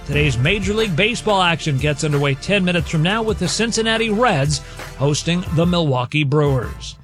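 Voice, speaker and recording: A man anchors a radio sports news update in a brisk, even read. His voice sits high, with faint music behind it.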